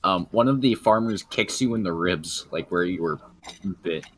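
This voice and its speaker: A young man narrating as game master of a tabletop game, halting with many fillers. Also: low-pitched, a little hiss or hum.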